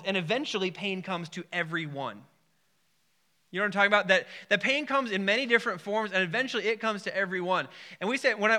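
A pastor in his thirties preaches a sermon in a high-pitched, pushed, bright voice. He tells a personal story in a rambling way, often repeating words and starting over.

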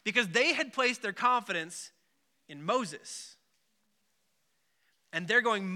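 A man's voice: high voice, expressive, slow, long pauses, pushed and bright. A man preaching a casual sermon, talking in a loose conversational way with many filler words and acting out the voices in the story. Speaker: pastor.

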